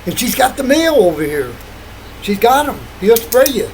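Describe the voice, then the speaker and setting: Rambling older man, high lively voice. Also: normal speed, slight background noise, low-quality recording. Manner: rambling, wandering, laughs often. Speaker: vlogger. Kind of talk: rambling late-night monologue.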